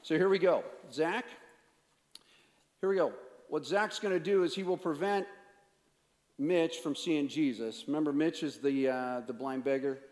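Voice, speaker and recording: A man's voice: on the high side, a little slow, long pauses. Dramatic male pastor in a reverberant hall. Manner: dramatic, swings from hushed asides to raised emphasis; playful banter with volunteers. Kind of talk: sermon. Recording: long reverb of a large hall.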